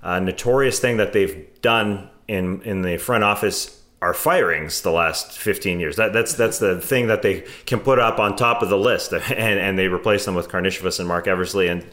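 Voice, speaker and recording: A man's voice: low-pitched, normal speed, few pauses, a bit bright. A man on a sports panel, talking basketball in a hesitant way, full of "uh"s and restarts. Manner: hesitant, many fillers and restarts. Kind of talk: casual basketball discussion.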